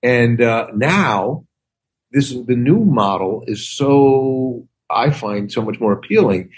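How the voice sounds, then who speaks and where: A man in his sixties, a comedian and actor, telling casual stories on a podcast and acting out the lines he quotes. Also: slow. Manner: animated storyteller who acts out quotes with big pitch jumps.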